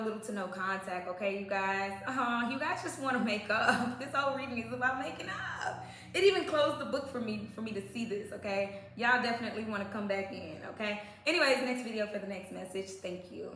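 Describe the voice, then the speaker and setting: A woman's voice: on the high side, sharp tone, echoey room, a little hiss or hum. A woman giving a casual spiritual tarot reading, chatty and emphatic, often checking in with her listeners. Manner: chatty, emphatic, repeats "okay, you guys". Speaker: tarot reader.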